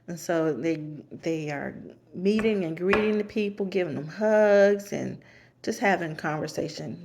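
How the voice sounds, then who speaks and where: A woman's voice: lowish voice, a little mellow. A woman giving a rambling, casual recap of a TV show, with many fillers and restarts, often laughing as she talks. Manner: laughs often while talking.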